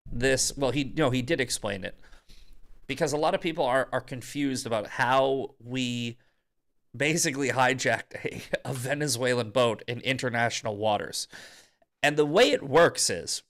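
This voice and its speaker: A man's voice: medium pitch, normal speed, fairly bright tone. A male podcast host giving heated, profane commentary in an angry ranting manner.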